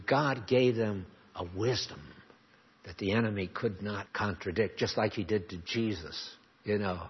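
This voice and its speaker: A man's voice: mid-range voice, breathy edge. A man preaching a sermon with earnest emphasis, often asking the congregation questions. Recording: dull lo-fi recording.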